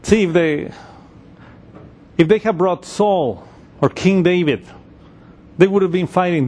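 Man explaining scripture, slightly high voice. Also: unhurried, pauses often, darkish tone. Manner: explanatory, reasons through details step by step. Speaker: Bible teacher. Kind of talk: verse-by-verse Bible teaching.

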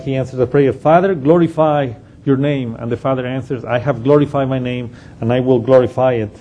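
A man's voice: fairly high pitch, dark tone. A man giving an unscripted Bible study lesson, explaining a passage step by step and thinking aloud as he goes. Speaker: Bible teacher.

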